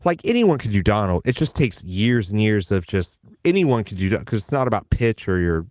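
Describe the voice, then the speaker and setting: A voice actor, a man, chatting casually and telling animated stories, slipping briefly into character voices. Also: fairly low pitch, brisk. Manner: animated storyteller who slips into character voices. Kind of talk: casual conversation.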